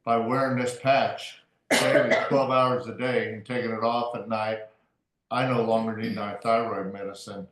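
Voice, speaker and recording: A man sharing a personal testimonial on a team call, halting and stumbling over words with self-deprecating humor. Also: fairly low pitch, flat delivery, a bit bright. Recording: roomy call audio.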